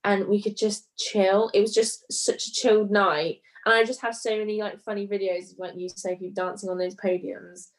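A woman's voice: medium pitch, steady tone, normal speed, few pauses, poor audio. A woman in casual chat, talking loosely and saying "like" often. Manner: chatty, says "like" often.

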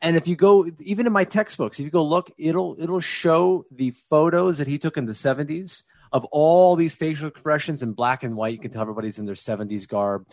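A man who once taught communication, a guest in a conversational interview, explaining in an animated, lecturing way. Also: a little high, fairly quick, hardly any pauses, dry recording. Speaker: guest, former communication teacher.

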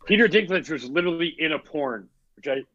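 A man in casual podcast chat among friends, teasing loudly and sometimes shouting. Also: on the high side, animated, fast, no echo, lo-fi sound. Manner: loud teasing, jumps to shouting.

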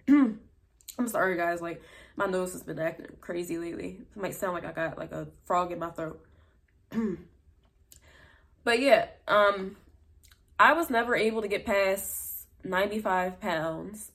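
A woman's voice: medium pitch, a bit bright. Chatty young woman hosting a vlog. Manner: chatty, filler-heavy, blunt, addresses audience as y'all. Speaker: podcast host. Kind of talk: casual monologue to viewers.

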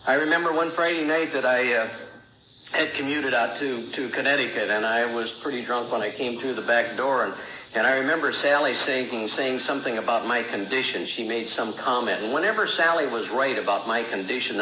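A man's voice: brisk, slight background noise. A middle-aged man giving an earnest personal testimony as a recovery speaker, with a storytelling manner that rises and falls. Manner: earnest storytelling, rising and falling pitch. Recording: roomy, dull old recording.

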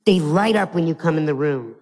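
A man's voice: on the high side, animated, fairly quick, darkish tone, big-room sound. An American man giving a live motivational keynote, telling stories playfully and speaking straight to his audience. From United States.

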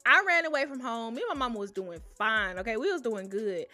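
A young woman telling personal stories in a casual, animated way, often calling out to her listeners. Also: fairly high pitch, brisk, faint music behind. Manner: animated, addresses listeners as y'all. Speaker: storyteller. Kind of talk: casual storytelling to camera.

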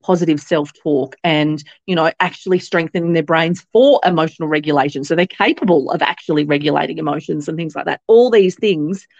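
A woman's voice: sits low, fairly quick, hardly any pauses, no room sound, lo-fi sound. A woman with an Australian accent, telling stories as a guest on an interview podcast, with lots of fillers and restarts. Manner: chatty storytelling, many fillers and restarts; animated quoting of others' voices. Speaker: guest, company founder.

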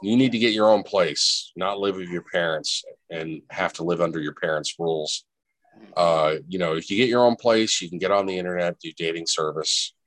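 A man's voice: low voice, normal speed, a bit bright, no room sound. A man hosting a casual podcast chat, giving blunt advice to his co-host.

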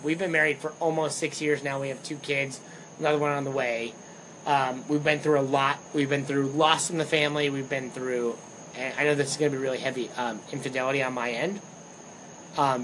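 Young male podcast co-host, slightly higher voice, lively candid storyteller, faint hiss behind. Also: poor audio. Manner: animated storyteller, swears freely. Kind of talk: casual chat.

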